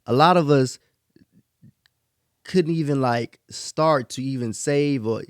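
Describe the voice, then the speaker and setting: A man, playful and quick to laugh in a casual podcast chat. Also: mid-range voice, smooth, dry recording, studio quality. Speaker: podcast co-host.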